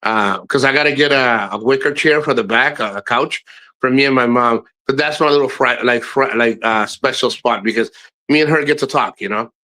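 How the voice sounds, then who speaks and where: A man's voice: medium pitch, normal speed, pushed and bright. A middle-aged man talking casually to his livestream viewers. He rambles frankly, restarts often and swears freely. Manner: addresses viewers directly. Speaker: live streamer.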